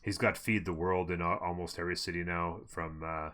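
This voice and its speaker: A man's voice: sits low, fairly even intonation, fairly quick, pushed and bright. A man casting a live strategy game match, talking casually and rambling with fillers as he thinks aloud. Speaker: esports caster.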